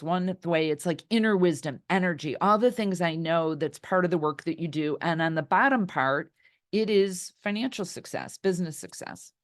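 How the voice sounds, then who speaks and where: A middle-aged woman leading an online workshop over a video call. She tells stories and talks chattily, reacting to the chat as she goes. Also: on the low side. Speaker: workshop leader. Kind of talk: storytelling talk in an online workshop.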